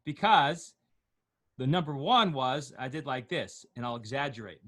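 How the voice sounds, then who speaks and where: A man teaching an online class, slowly chanting Torah words and notes, then explaining them in quick, joking asides. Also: medium pitch, expressive, fairly bright tone. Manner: jokey, asks questions of the class.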